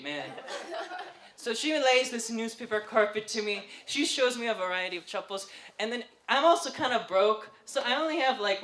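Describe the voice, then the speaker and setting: A young man doing stand-up comedy at an open mic, telling a chatty, animated story and often laughing through his lines. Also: sits high, echoey room. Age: young adult. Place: open mic night venue.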